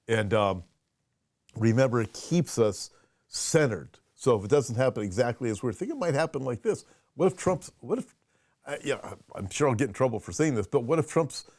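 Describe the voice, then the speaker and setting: Man, pastor host, casual talk, mid pitch, dry close sound. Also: a little mellow, no room sound. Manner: conversational, restarts and fillers, reads viewer questions. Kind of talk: casual chat.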